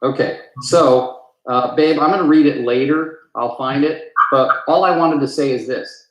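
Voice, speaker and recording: A man's voice: mid-range voice, a little slow, dull audio. A man speaking as a real estate coach at a live town hall, earnest and emphatic, repeating phrases for weight. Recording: roomy echo.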